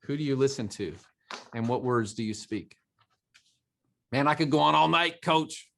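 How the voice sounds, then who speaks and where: A man's voice: mid-range voice, moderate pace, vocal fry, a bit bright, a little hiss or hum. A man co-hosting a motivational talk show, speaking emphatically, quoting scripture and repeating phrases for emphasis. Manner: emphatic, preachy, quotes scripture.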